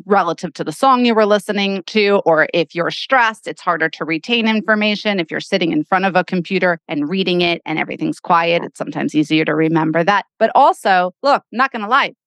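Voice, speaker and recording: A woman's voice: fairly low pitch, fairly quick, few pauses, fairly bright tone, no room sound. A woman therapist co-hosting a casual podcast, explaining at length and laughing easily.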